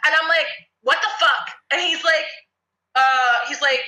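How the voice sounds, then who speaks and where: A young woman from New Jersey telling a story in casual chat, animated and profane, laughing as she goes. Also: high voice, measured pace, echoey room, rough recording.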